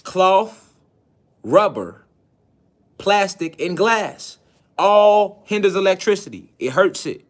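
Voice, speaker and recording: Insistent preachy man, higher voice. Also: lively intonation, slow pace, pauses often. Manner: fires rhetorical questions at listeners; emphatic, insistent. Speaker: online spiritual lecturer. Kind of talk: preachy spiritual lecture.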